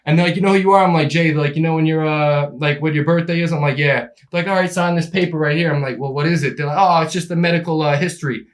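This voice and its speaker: A young man spins a long story in an easygoing chat, slipping into quick impressions of the people involved and breaking into laughter. His voice sits a little high. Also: steady tone. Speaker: podcast guest telling a story.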